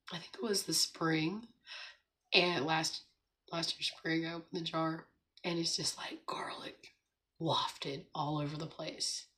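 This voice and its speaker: A woman hosts a relaxed morning livestream with a hoarse, raspy voice. Her pitch sits a little low. She chats loosely, laughs a lot and greets viewers by name as they come in. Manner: chatty, laughs often, greets viewers and reads out chat. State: hoarse from laryngitis. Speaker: livestream host. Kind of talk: casual morning livestream chat. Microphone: streaming setup.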